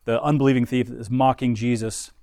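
A man's voice: medium pitch, level tone, fairly quick, dark tone, dry recording, studio quality. A man teaching a Bible lesson in an explanatory way, often restarting his sentences. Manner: explanatory, frequent restarts and fillers.

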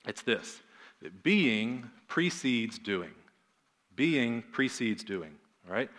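A pastor in his thirties preaches to his congregation in a relaxed, conversational way. He uses fillers and repeats key points for emphasis. His voice sits slightly low for a man. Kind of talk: sermon.

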